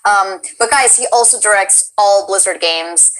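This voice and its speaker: A young woman from Colombia hosting a casual stream interview, bubbly, chatty and quick to laugh. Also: medium pitch, a bit bright, poor audio. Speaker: Twitch stream host.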